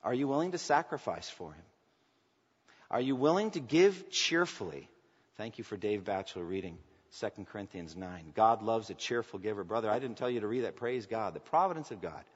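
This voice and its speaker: A man, a pastor, delivering a sermon with impassioned preaching that swings between loud emphatic lines and quiet asides. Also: fairly low pitch, expressive, fairly quick, slightly rough. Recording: echoey church hall, dull lo-fi sound.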